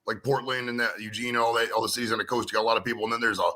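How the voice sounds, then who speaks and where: An American man chatting casually and swearing now and then over a video call. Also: mid-range voice. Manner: animated, swearing, does quick accent impressions. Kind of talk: casual chat.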